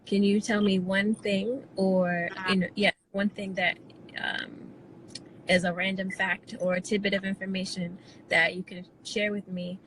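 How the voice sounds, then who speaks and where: A woman hosting an interview show, asking questions in a measured, supportive way with frequent ums. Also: mid-range voice, little pitch movement, fairly bright tone, poor audio. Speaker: show host. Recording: faint background noise.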